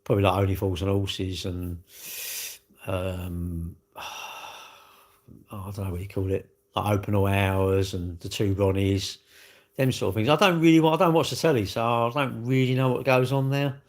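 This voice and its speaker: A man's voice: lowish voice, steady tone, normal speed. A British man chatting casually on a livestream, rambling animatedly with slang as he answers viewers' comments. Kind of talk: casual live-stream chat.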